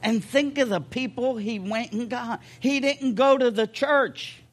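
An older man preaching a sermon in a folksy way, swinging between loud emphasis and quiet asides. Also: very high voice, measured pace. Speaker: pastor.

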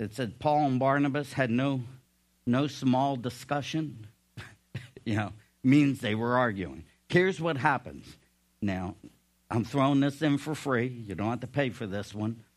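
A man preaching with a bright, forceful tone and a slightly high voice. He takes his time and laughs often, then swells into loud, emphatic peaks. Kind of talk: sermon.

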